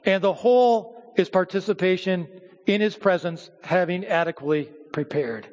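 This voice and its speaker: A male pastor delivers a teaching sermon in a high-pitched voice. He speaks in measured phrases, pausing and repeating words as he explains each point. His voice rings out with a long reverb from the church hall. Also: a little mellow, muffled recording.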